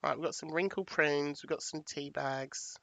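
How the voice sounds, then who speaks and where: A woman's voice: deep voice, fairly even intonation, moderate pace, creaky, no echo. A woman hosting a casual livestream, chatting to viewers and thinking aloud as she sets up a presentation. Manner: chatty, thanks viewers, thinks aloud while picking graphics. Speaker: livestream host.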